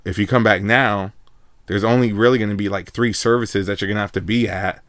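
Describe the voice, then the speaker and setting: A man's voice: lowish voice, fairly even intonation, a little fast, fairly bright tone, no echo, studio quality. A man telling a long personal story in casual chat, rambling and laid-back, full of filler words.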